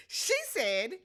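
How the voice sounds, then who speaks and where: A woman giving a casual, animated recap of a reality TV episode, blunt and quick to exclaim. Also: on the high side.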